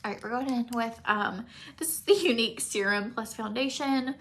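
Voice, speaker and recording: A woman around forty, teary and emotional, rambling casually while doing her makeup at home and sometimes dropping to soft near-whispers. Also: on the high side, normal speed, slight background noise. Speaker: makeup vlogger.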